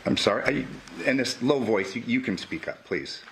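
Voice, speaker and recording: A man's voice: medium pitch, expressive, normal speed, a bit bright, a little hiss or hum. A man, a defense attorney, cross-examining a witness in a courtroom, pressing with short questions that end in "correct?". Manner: pressing, repeats "correct?" to pin down answers.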